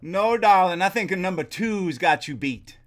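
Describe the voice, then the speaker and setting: A man's voice: high-pitched, expressive, moderate pace. A man playing a playful bachelor quizzing contestants on a dating game show in a comedy sketch. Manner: playful, teasing host-like delivery.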